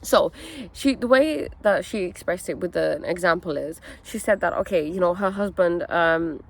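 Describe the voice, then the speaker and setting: A young woman telling a personal story in a candid vlog, earnest and animated, peppering her talk with fillers and "okay?" asides. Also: fairly low pitch, normal speed, slight background noise. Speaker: wellness content creator.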